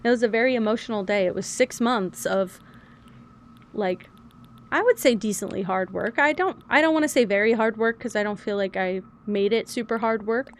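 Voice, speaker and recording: A woman's voice: a little high, moderate pace, a little hiss or hum. A young adult woman streamer chatting casually and openly while she plays a game. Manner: chatty, animated, self-described loud and yappy. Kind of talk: casual chat while gaming.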